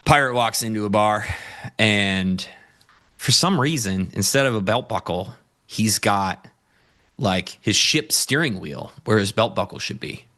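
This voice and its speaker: A man's voice: fairly low pitch, measured pace, fairly bright tone. A man co-hosting a live trading stream in casual banter, joking and playful, fond of dad jokes. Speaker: co-host and futures trader.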